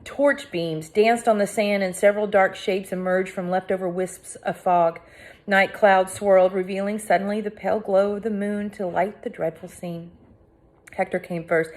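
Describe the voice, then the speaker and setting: A woman reading a first-person audiobook aloud with dramatic, tense delivery that drops to hushed tones. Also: lowish voice, steady tone, normal speed. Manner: dramatic, swinging between hushed and cried out. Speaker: audiobook narrator.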